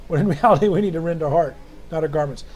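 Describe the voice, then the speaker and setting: Male preacher from the States, high-pitched, mellow tone, rambling, then fervent bursts; jet-lagged. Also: quick pace. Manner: rambling, fervent, rising to emphatic bursts on scripture. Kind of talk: informal video sermon.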